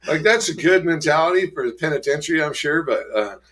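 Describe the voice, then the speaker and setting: A middle-aged man candidly telling his life story in an interview, rough-spoken, acting out old arguments in raised voices. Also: fairly high pitch, lively intonation, fast talker, fairly bright tone.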